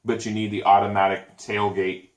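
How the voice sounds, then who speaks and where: A man co-hosting a casual chat show, telling a story with lively acted-out quotes. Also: lowish voice, normal speed. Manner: animated storytelling, acts out quotes. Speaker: podcast co-host. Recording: echoey room.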